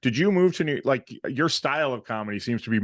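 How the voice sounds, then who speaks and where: A man hosting a podcast, asking interview questions in a halting way and repeating words as he frames them. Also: mid-range voice, lively intonation, no room sound, clean studio sound. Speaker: podcast host.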